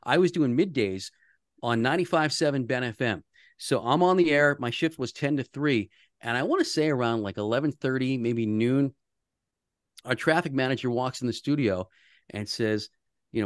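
A radio man from the Philadelphia area talks through a story in an earnest, conversational way, often restarting his sentences. His voice sits at an ordinary middle pitch, and the sound is dry and close. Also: normal speed, dry recording. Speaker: radio host, guest. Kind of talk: casual podcast chat.

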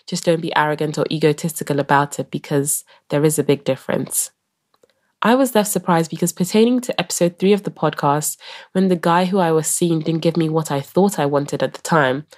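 A woman's voice: deep voice, darkish tone. A young woman hosting her own podcast, sounding nasal from a cold as she shares candid, reflective personal stories. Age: young adult. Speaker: podcast host.

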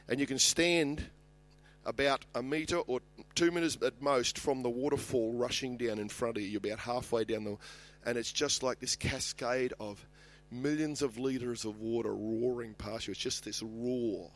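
A man's voice: medium pitch, steady tone, moderate pace. A middle-aged Australian man preaching a sermon as a pastor, passionate and building in volume when he reads scripture.

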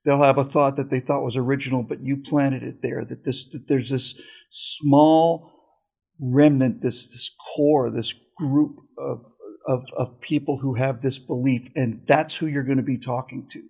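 A male host telling a story in casual chat, pausing and searching for words. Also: mid-range voice, fairly even intonation, creaky, warm tone, slightly rough.

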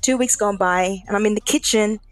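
A woman from Australia, a musician guest telling stories in a casual interview, animated and quick to act out what people said. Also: medium pitch, poor audio. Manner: animated, acts out quotes with laughs.

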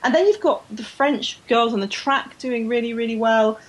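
A woman's voice: on the high side, moderate pace, low-quality recording. A woman co-hosting a podcast in casual chat, chatty and laughing easily, sometimes stumbling over names. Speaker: podcast co-host.

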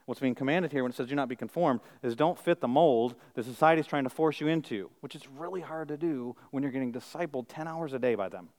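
A man preaching a sermon as pastor, conversational and self-deprecating, swinging from quiet asides to loud, emphatic peaks. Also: medium pitch, quick pace, few pauses.

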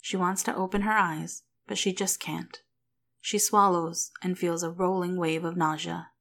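A woman reading a story aloud in a calm, steady narrator's voice. Her pitch sits slightly low and her delivery stays even and unhurried. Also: creaky. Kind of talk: reading fan fiction aloud.

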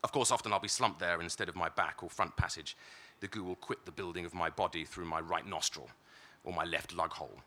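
A British man reading first-person literary fiction aloud in a wry, measured way, with occasional stumbles. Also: sits low, bright, forceful tone. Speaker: reader.

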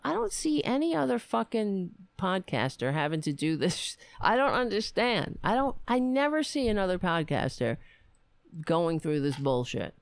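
A woman's voice: mid-range voice, big pitch swings, normal speed, creaky, dry recording. A woman hosting a podcast, talking in a blunt, profane, rambling way in casual commentary. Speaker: podcast host. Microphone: webcam setup.

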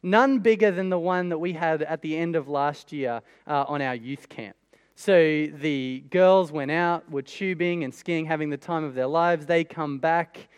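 A man's voice: fairly high pitch, a little slow, clear, resonant tone, in a large hall. A man preaching a sermon in a conversational way, with many rhetorical questions. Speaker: pastor.

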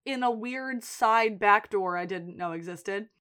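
A woman's voice: mid-range voice, a little slow, smooth. A woman co-hosting a podcast, recapping a TV episode in casual chat and acting out characters' lines. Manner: animated recapping, acting out quotes. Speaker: podcast co-host.

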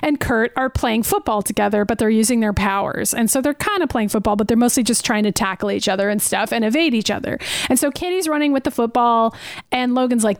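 A woman's voice: a little high, a little fast, no room sound, studio quality. A woman co-hosting a podcast, chatting casually as she retells cartoon scenes and quotes the lines. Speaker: podcast co-host. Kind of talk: casual chat recapping a cartoon.

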